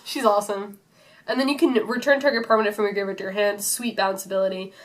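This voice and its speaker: A woman who is sick, hosting a casual card-game chat, enthusiastic and quick to say "so good". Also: medium pitch, steady tone. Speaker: host.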